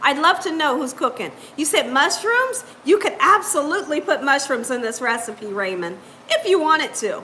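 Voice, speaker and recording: A woman's voice: high voice, very animated, moderate pace, sharp tone, a little hiss or hum. A woman hosting a live cooking stream, chatting upbeat with viewers, greeting them by name and laughing often. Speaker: cooking channel host.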